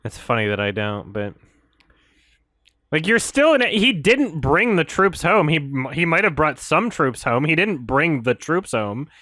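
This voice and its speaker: A man's voice: on the high side, sing-song, normal speed, few pauses, bright, forceful tone, no room sound, clean studio sound. A man from Canada hosting a stream, ranting casually with lots of swearing, restarts and disbelief. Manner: profane, incredulous, stammering restarts. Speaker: streamer host.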